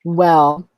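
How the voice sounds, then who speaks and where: A woman's voice: on the low side, darkish tone, breathy edge, no room sound. A woman emceeing a live variety show, introducing performers with playful, joking hype.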